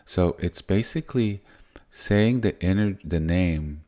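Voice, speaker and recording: A man giving soft-spoken, unhurried spiritual teaching, often restarting his sentences. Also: low-pitched.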